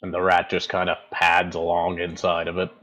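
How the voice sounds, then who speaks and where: A man with a very low voice runs a tabletop game and narrates the scene. He rambles, often stopping mid-sentence to hunt for the right word. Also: completely flat delivery, moderate pace, fairly bright tone, poor audio. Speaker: game master.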